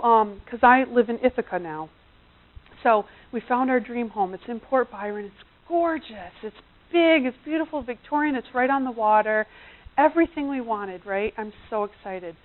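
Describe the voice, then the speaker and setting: A middle-aged woman coach giving a chatty seminar talk on relationships, often acting out the voices of people she quotes. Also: fairly high pitch. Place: seminar room. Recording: tinny phone-like recording.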